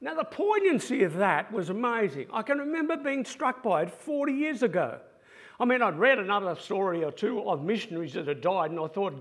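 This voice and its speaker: Animated high-voiced man preaching. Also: brisk. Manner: animated anecdotal storytelling. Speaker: former pastoral care pastor. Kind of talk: sermon-style talk.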